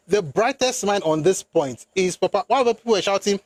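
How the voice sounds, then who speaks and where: Brisk and high-pitched with big pitch swings and few pauses, a male political commentator delivers an opinionated monologue with no echo. He is emphatic and rhetorical, slipping into phrases and rising into indignant outbursts while alternating English and Yoruba.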